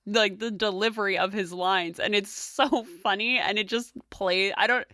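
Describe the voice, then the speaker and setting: A woman's voice: mid-range voice, normal speed, no echo, studio quality. Giggly young woman podcast co-host. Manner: giggly, animated retelling. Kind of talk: casual chat.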